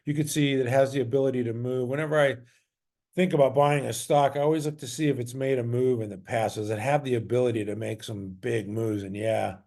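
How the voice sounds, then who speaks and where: This man talks about his stock trades and charts in a loose, chatty way, full of fillers and corrections of himself. He speaks fairly quickly in a mid-range, darkish voice with a steady tone.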